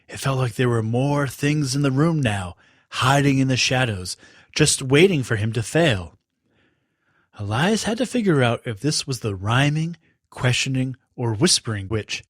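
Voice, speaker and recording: Guy narrating a kids story, super expressive, dry close mic. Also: medium pitch, unhurried, dry recording. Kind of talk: scripted children's story narration.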